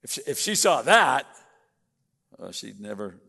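A man's voice: mid-range voice, very animated, unhurried, vocal fry, pushed and bright, husky, big-room sound, heavily acted. A man voicing a smitten young boyfriend who sweet-talks his date and later turns grumbling as a husband. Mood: fretful. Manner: sweet-talking, then sulky.

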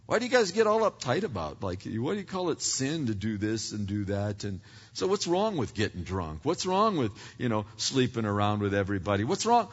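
A man's voice: on the low side, big pitch swings, fairly quick, husky, voice pushed down. A preacher playing a scoffing worldly man. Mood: mocking. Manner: mocking rhetorical questions. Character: scoffing worldly adult man mocking church. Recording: dull recording in echoing hall.

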